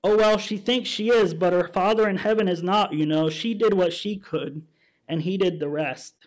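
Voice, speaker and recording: A man reading the lines of a kindly, knowing guardian angel, in a lifted, gentle voice. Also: high voice, normal speed, natural voice. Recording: dull, muffled sound.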